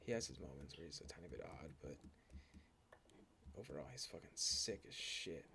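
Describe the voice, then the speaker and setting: A man's voice: extremely low pitch, lively intonation, moderate pace, vocal fry, bright, forceful tone, a little hiss or hum. A young man commenting casually while playing a game, rambling with lots of fillers and swearing. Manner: rambling, profane, many "like" fillers. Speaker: gaming streamer. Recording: music playing behind.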